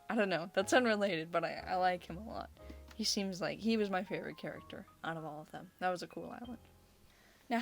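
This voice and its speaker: A young woman rambling casually and gushing, with lots of "like" fillers. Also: lowish voice. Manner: gushing, chatty, heavy use of "like" fillers. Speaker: video creator. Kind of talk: casual rambling ranking video. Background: faint background music.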